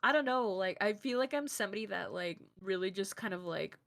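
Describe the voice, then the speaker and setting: A woman's voice: mid-range voice, expressive, brisk, gravelly, background noise. Giggly rambling woman streamer. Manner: giggly, rambling, lots of fillers. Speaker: streamer guest. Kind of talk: casual interview chat.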